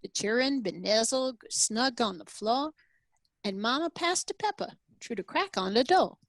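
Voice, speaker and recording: A woman's voice: fairly high pitch, expressive, moderate pace, no room sound. A woman putting on a Cajun-accented poem reciter. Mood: folksy, storytelling. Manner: sing-song rhyming recitation. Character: Cajun storyteller reciting a rhyming Christmas poem. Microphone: video call.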